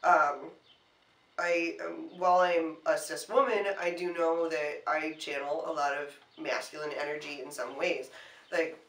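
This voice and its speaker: A woman co-hosting a casual chat, animated and often restarting her sentences. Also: low-pitched, measured pace. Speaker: co-host. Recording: echoey room, mic at a distance.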